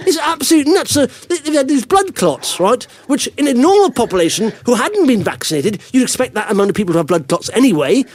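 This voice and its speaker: A middle-aged man hosting a podcast in excitable, animated casual chat, often repeating words. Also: extremely high pitch, brisk, hardly any pauses. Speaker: podcast host.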